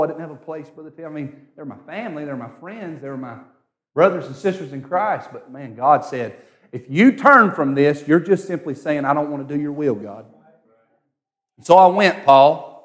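Preacher, hushed to shouting. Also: male voice, medium pitch. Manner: storytelling, swinging from hushed to shouting. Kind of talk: sermon.

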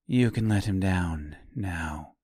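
A cold, stern young woman of the forest, put on by a man reading a dark storybook, speaking low and hushed with a mocking calm. The delivery is slow and unhurried, and the dry recording has no room sound. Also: slightly rough, no room sound, full character voice.

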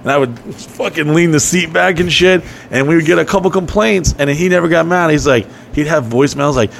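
A man's voice: on the high side, a little fast, gravelly, hardly any pauses, slight background noise. A man casually telling long, profane stories on a podcast, laughing as he goes. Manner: profane, rambling, laughing storyteller. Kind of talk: casual storytelling chat.

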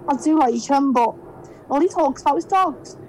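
A young woman from Liverpool with a Scouse accent, chatting on a podcast as a guest and telling lively stories where she acts out what people said. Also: sits high, moderate pace, a little hiss or hum, rough recording. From Liverpool, England. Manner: animated storyteller, acts out quotes. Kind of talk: casual chat.

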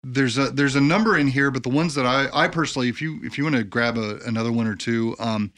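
A man's voice: mid-range voice, fast talker, fairly bright tone. Easygoing man co-hosting a chatty show. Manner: loose, joking, reads notes aloud. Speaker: podcast co-host. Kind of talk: casual chat.

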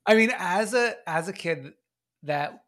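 A man's voice: sits high, expressive, unhurried, a bit bright. A man co-hosting a podcast in casual chat, laughing often as he tells stories with animation. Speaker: podcast co-host. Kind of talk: casual chat recapping a reality show.

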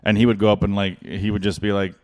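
Young man, comedian, podcast co-host, rambling storyteller, fairly low voice. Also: flat delivery, fast. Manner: rambling anecdotes full of "like" and restarts.

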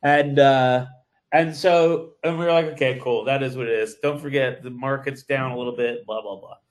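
A man telling a story as a podcast guest, animated and full of swearing. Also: medium pitch, normal speed. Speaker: brewery guest. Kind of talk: casual podcast chat.

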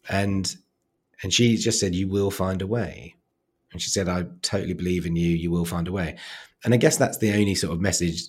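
An English man with a low, husky voice talks as an interview guest. He tells personal stories in a soft, halting way, often restarting his sentences. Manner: soft-spoken, halting, with many restarts and fillers. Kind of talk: reflective conversational storytelling.

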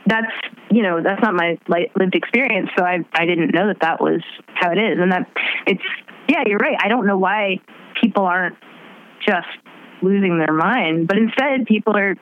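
A woman chatting casually on a podcast, animated and laughing, with her pitch swooping as she talks. The audio is slightly dull and muffled. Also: normal speed. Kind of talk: casual chat.

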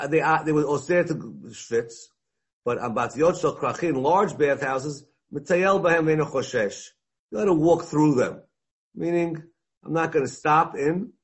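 A Talmud teacher gives a class lecture in English, shifting into Hebrew and Aramaic quotes and terms. His middle-pitched voice is husky with a slightly rough edge, and he becomes animated, acting out the dialogue in the text as he explains.

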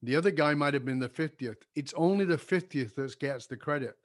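A man's voice: a little high, fairly quick, hardly any pauses. A middle-aged man who once ran a seminar company, telling stories in a casual conversation and acting out the voices of the people he quotes. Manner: animated storyteller who acts out quoted voices. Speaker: former seminar company owner.

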